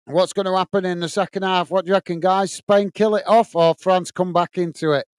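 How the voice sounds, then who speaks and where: A man's voice: high voice, steady tone, a little fast, smooth, no echo. Chatty man hosting a live stream. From England. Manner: reads out viewer messages and thanks them; chatty, says "mate" and "guys" a lot. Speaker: watch-along host.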